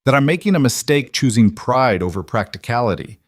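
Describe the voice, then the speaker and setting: A man's voice: medium pitch, animated, fairly quick, dry recording, voice pushed up, natural voice. Brief: man doing nervous young woman doctor, guarded, dry close audio. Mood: firm.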